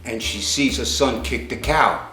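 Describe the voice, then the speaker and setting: A man telling a string of jokes, acting out each character's lines with lively voices. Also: mid-range voice, unhurried, roomy sound. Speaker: joke teller.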